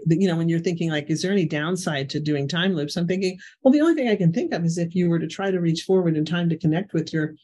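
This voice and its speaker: Interview guest: middle-aged woman with a breathy, husky voice, lively storyteller. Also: fairly low pitch, fast talker, hardly any pauses. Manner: animated storyteller, frequent "you know" fillers. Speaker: guest, remote viewing expert. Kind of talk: conversational storytelling.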